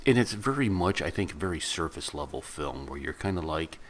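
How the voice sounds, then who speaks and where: A man's voice: extremely low pitch, animated, normal speed. A man reviewing a film in a casual, rambling retelling full of asides. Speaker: movie reviewer.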